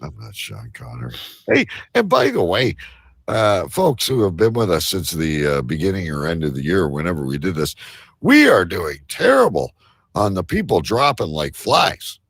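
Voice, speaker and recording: A man's voice: low voice, huge pitch swings, moderate pace, creaky, fairly bright tone, husky, no echo, clean studio sound. A man co-hosting a casual live-stream chat show, rambling, joking and swearing casually. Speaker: co-host.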